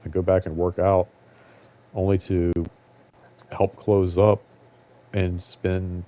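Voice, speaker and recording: Casual host: low, mellow-voiced young man, rambling and candid, faint noise behind. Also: steady tone, brisk, pauses often. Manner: rambling, filler-heavy, candid and profane. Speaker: show host.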